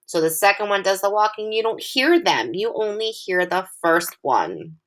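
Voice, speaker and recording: In a recorded phonics lesson for young kids, this woman elementary teacher sounds clear, patient and encouraging, with a medium-pitched voice that swings widely. She reads the example sentences slowly and very expressively.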